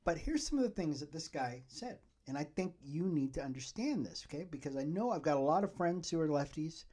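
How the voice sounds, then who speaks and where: A man hosts a solo political commentary podcast, rambling along and repeatedly asking listeners "okay?" His voice is on the high side with a darkish tone, lively intonation, and a slightly fast pace.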